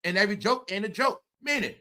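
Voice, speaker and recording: High, bright-voiced man ranting on a livestream. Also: expressive, fast. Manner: loud, laughing, profane, repeats "all right?". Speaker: commentary livestream host. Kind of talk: casual livestream commentary.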